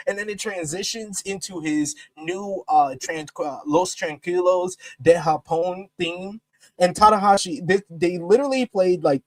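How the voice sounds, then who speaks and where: A man co-hosting a wrestling podcast, excitedly recapping an event in an animated, profane, laughing way. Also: on the high side, dry recording.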